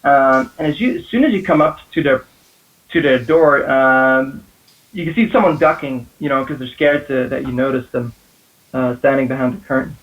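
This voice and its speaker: Hesitant game master with a distant mic. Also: male voice, mid-range voice, moderate pace, a bit bright, dull audio. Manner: hesitant, filler-heavy, laughs often. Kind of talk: narrating a tabletop game.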